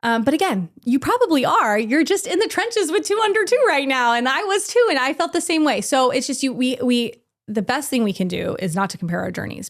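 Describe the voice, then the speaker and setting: Brief: woman, 30s, medium pitch, lively storyteller who laughs and mimics the people she quotes. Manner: animated, laughing, acts out quoted voices. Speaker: podcast guest. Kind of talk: casual storytelling.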